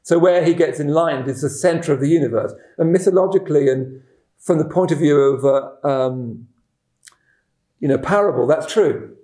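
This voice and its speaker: Male dharma teacher, fairly high voice, mellow, loose and self-deprecating, roomy echo. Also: moderate pace. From West Midlands, England. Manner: rambling, self-deprecating, with frequent fillers and restarts. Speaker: Buddhist teacher. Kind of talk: dharma talk.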